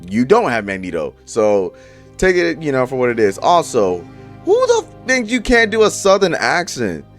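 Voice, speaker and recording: A man's voice: medium pitch, wildly swooping pitch, moderate pace, a bit bright, faint music behind. A young man giving casual, profane commentary straight to his viewers, full of slang. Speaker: YouTuber reviewing movie casting.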